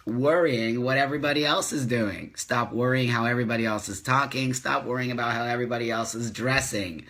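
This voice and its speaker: A man in his fifties hosts a live-streamed motivational talk over a phone or webcam microphone. His voice is mid-range with a sharp tone, and he speaks passionately, preaching, repeating lines for emphasis and swearing some.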